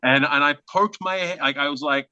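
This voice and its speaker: A man, a guest actor telling a long story in casual conversation, animated and full of acted-out quotes. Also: a little high, brisk, highs cut off. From Australia. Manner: animated, acts out quotes in funny voices.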